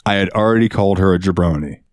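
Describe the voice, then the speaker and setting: A man co-hosting a podcast, telling a work story in an animated, profane, casual way. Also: low-pitched, very fast, no room sound, clean studio sound. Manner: animated, profane, swings into voices. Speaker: podcast co-host.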